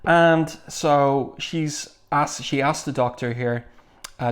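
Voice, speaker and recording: Halting middle-aged man reviewing comics. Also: medium pitch, flat delivery. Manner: halting, full of ums and uhs. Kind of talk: casual spoken review.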